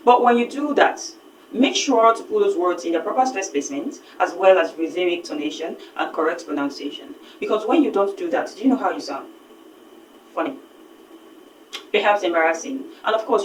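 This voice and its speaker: A woman's voice: fairly low pitch, reverberant, far from the mic, slight background noise, poor audio. A woman from Nigeria with a Nigerian English accent, giving an earnest, emphatic phonics lesson full of rhetorical questions. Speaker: phonics teacher. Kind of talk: spoken lesson.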